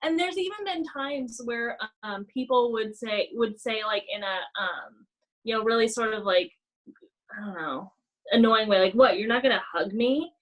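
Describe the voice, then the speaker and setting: A woman co-hosting a casual chat, talking in an animated way with many "like" fillers and acting out gasping apologies. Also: fairly high pitch, normal speed, low-quality recording. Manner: frequent "like" fillers. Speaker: podcast co-host.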